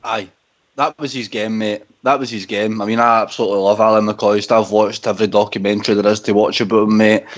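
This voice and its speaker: A man's voice: fairly low pitch, little pitch movement, fast talker. Scottish guy in his 20s calling a radio show, earnest, dull phone-ish sound. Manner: earnest, keeps saying mate. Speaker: caller. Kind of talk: casual radio phone-in chat. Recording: dull lo-fi call audio.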